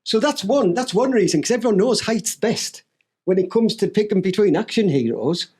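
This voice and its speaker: A man's voice: sits high, expressive, normal speed, darkish tone, slightly rough. A Teesside man co-hosting a comedy podcast, telling rambling, enthusiastic stories. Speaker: podcast co-host.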